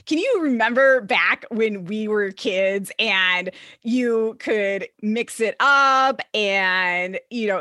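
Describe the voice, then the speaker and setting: A woman's voice: medium pitch, sharp tone, no echo, clean studio sound. A woman hosting a podcast in casual chat, bubbly and laughing often as she acts out her own thoughts. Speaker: podcast host.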